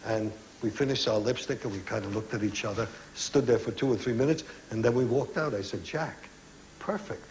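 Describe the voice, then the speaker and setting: An older man, a chat show guest, telling animated anecdotes and acting out quoted lines. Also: lowish voice, fast, few pauses, a little hiss or hum, low-quality recording.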